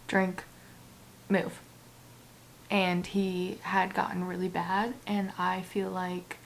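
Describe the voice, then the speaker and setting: Soft-spoken young woman vlogger. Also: mid-range voice, a little hiss or hum. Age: young adult. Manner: soft, halting, often near a whisper. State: tearful. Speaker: book vlogger. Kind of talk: casual personal vlog to camera.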